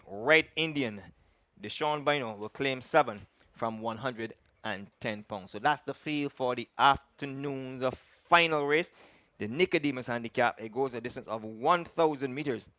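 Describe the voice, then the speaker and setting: A man's voice: medium pitch, a bit bright, clean tone, dry recording. Man announcing horse races. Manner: measured, formal, corrects himself politely. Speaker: racecourse announcer. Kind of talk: horse racing announcing and recap. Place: commentary box at a racecourse.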